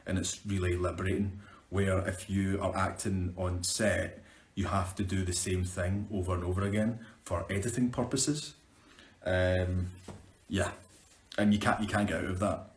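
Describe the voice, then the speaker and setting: A young Scottish man, an actor, chatting upbeat on a live stream as he answers viewer questions. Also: on the low side. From Scotland. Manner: chatty, upbeat, restarts words. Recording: roomy echo.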